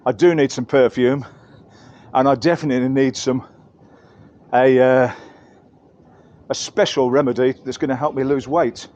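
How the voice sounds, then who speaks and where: A man's voice: mid-range voice, fairly even intonation, moderate pace, long pauses, darkish tone, dry recording, muffled recording. An English man giving a chatty, rambling walking-tour commentary outdoors in busy market streets, correcting himself as he goes. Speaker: travel vlogger.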